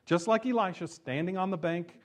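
A man preaching a sermon, telling the story with animated swings from emphatic peaks to quiet low asides, chuckling between points. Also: normal speed. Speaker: pastor.

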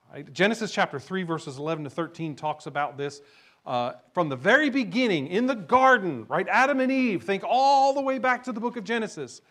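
A man's voice: sits high, fairly bright tone. A man preaching a sermon in a conversational style, often checking in with "right?". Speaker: pastor.

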